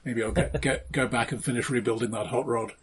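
A man's voice: medium pitch, steady tone, fairly quick, slightly rough, lightly acted. A man voicing a laid-back adult man who is musing about staying up late to work on a project, in a tabletop game.

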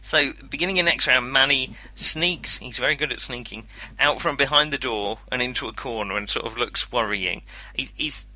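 A man's voice: medium pitch, normal speed, few pauses, sharp tone. A man narrating a tabletop horror game as game master, chatty, with frequent ums and laughs.

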